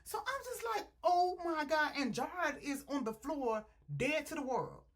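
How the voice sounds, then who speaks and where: A woman reviewing a book, retelling scenes in an animated, chatty way and talking straight to her viewers. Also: sits high, measured pace. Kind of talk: casual story retelling.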